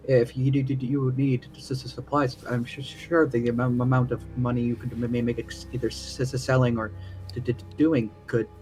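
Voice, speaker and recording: A nervous envoy, as a player puts him on stumbles over his words with a heavy stutter, repeating syllables again and again. The man's voice sits at a middle pitch, and faint music plays behind him. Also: level tone, moderate pace, a little mellow, close to an everyday voice. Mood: stammering, pleading. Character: nervous stammering male merchant's envoy. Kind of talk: tabletop role-play.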